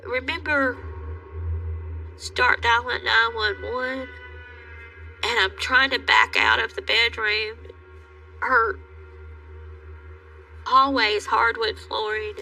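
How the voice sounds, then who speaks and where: An older woman tells her story in a halting, emotional way, her voice gravelly and bright. She sounds set back from the mic. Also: a little high, fairly even intonation, soft background music. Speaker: interviewee recounting a crime. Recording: voice from far off the mic.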